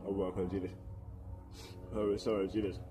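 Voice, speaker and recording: A man giving a halting, rambling preaching testimony as a self-described preacher, full of fillers and repeated phrases. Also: deep voice, flat delivery, noisy background. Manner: halting, filler-heavy, repetitive. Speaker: street preacher.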